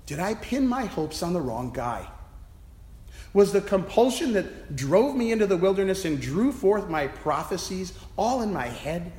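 A man's voice: high-pitched, very animated, unhurried, a little mellow. A man voicing an anxious prophet questioning his life's mission, in an echoey church. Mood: worried. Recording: echoey church with long reverb.

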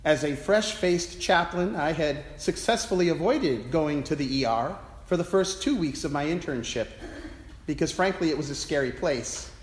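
Self-mocking priest preaching in an echoing church. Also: male voice, on the high side, lively intonation, normal speed. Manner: self-deprecating storyteller. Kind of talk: sermon told as a personal story. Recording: echoey church with long reverb.

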